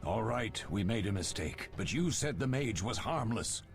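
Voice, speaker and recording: An actor voicing a stern, commanding old male witcher mentor in a video game, giving gruff orders. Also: fairly low pitch, animated, normal speed, soft background music.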